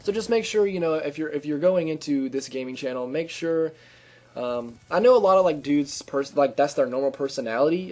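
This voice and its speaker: A man's voice: medium pitch, lively intonation, fairly quick, a little mellow, faint music behind. A man giving casual gameplay commentary as a gaming video host, chatty and upbeat with lots of ums and restarts. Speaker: gaming YouTuber giving channel tips.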